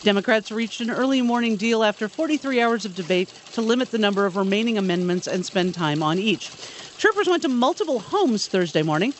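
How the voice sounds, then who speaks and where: A man's voice: high voice, slight background noise. A man hosting a radio show, reading news stories and joking along with his co-host. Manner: reads headlines, then jokes along.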